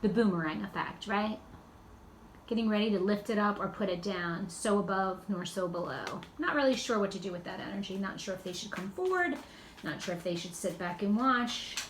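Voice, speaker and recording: A woman's voice: mid-range voice, animated, brisk. A woman giving a casual, rambling tarot card reading in a loose, spiritual way. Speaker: tarot reader. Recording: echoey room with faint background noise.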